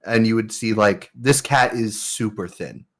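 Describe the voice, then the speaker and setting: A man's voice: fairly low pitch, unhurried, fairly bright tone. A man narrating a tabletop game as game master in a loose, rambling way. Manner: loose, rambling, filler-heavy.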